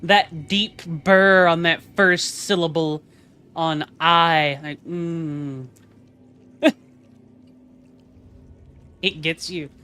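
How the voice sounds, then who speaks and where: A man's voice: on the high side, flat delivery, extremely slow, pauses often, sharp tone, clear, resonant tone. A male streamer chatting casually and teasing his viewers, laughing often while a game plays. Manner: playful, teasing chat with lots of laughter. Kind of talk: casual live-stream chat.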